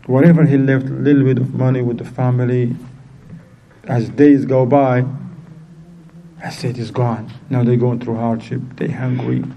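Animated man telling a moral story. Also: creaky, muffled recording, slight background noise. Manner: animated storyteller, acts out quoted voices in a raised pitch. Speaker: Islamic teacher. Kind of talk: storytelling lesson.

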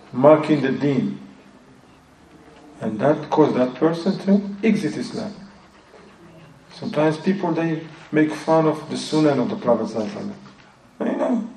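This Islamic teacher, voice on the high side with a darkish tone, explains a religious text in English with a non-native accent, frequently switching into Arabic phrases and recitation. The sound is echoey and comes from far away.

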